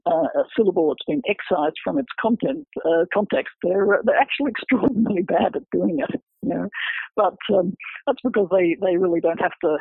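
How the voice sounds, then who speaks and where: A man's voice: high voice, gravelly, husky, dry recording. A man, a researcher and author, explaining his work in an interview, walking through examples step by step. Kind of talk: explanatory academic interview talk. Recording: tinny phone-line audio.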